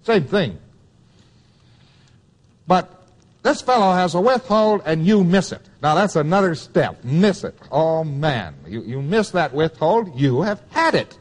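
A man's voice: fairly high pitch, very animated, a little slow. Wry man lecturing in a reverberant hall. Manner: emphatic, wry, repeats key phrases. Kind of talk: taped lecture to students.

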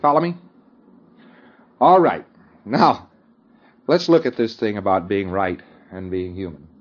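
A man's voice: fairly low pitch, unhurried, muffled recording. A man giving an informal lecture, often chuckling and checking that his listeners follow him. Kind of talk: conversational lecture.

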